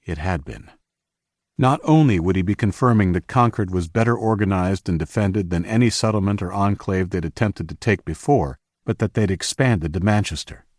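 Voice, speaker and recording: Deep-voiced male audiobook narrator. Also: normal speed, darkish tone, no echo, clean studio sound.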